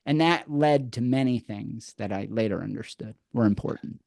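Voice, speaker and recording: Guy telling stories on a podcast, mellow dark voice, dry sound, acts out quotes, lots of restarts. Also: mid-range voice, moderate pace, gravelly, no room sound. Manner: animated storyteller, acts out quotes, repeats and restarts words. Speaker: podcast guest, addiction program co-creator. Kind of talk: conversational storytelling.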